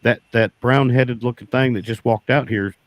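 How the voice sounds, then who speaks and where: A man's voice: medium pitch, steady tone, normal speed, dry recording. A man telling a folksy story as a beekeeper guest, often quoting himself with "I said". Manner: folksy, repeats "I said" in quoted dialogue. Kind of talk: casual storytelling.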